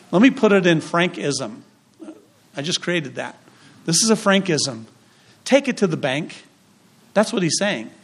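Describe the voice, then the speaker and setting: A male pastor with a voice on the high side preaches a sermon. He is emphatic and punchy, using dramatic pauses, repetition, and acted-out quotes.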